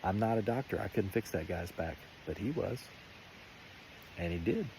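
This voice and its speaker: A man's voice: sits low, expressive, moderate pace, vocal fry, noisy background. A man giving a rambling, earnest personal faith testimony in a vlog. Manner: earnest, rambling, many restarts. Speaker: faith vlogger.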